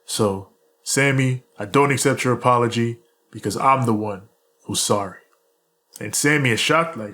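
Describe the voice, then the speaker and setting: A man's voice: fairly low pitch, moderate pace, fairly bright tone. A man co-hosting a casual wrestling podcast, laughing often and retelling scenes with quoted lines. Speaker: co-host recapping wrestling.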